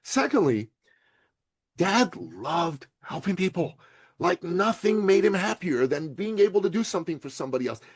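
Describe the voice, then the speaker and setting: A middle-aged man from Iran, telling stories in an interview with lively delivery, acting out other people's voices and laughing often. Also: high voice, moderate pace, slightly rough, no room sound. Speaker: podcast guest, entrepreneur. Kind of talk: animated storytelling interview.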